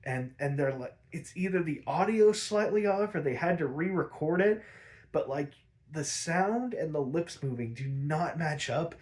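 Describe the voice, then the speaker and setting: A podcast host recaps old cartoon episodes in a loose, sarcastic way, laughing often and swearing freely. His voice sits a little higher than most men's. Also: lively intonation, unhurried, a little mellow.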